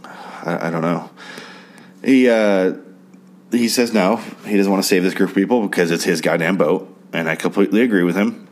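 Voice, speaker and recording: Sarcastic low-voiced guy ranting. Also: moderate pace, darkish tone. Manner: sarcastic, crude, rambling, mimics characters in high voices. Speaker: TV show recapper. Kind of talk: casual spoken TV recap.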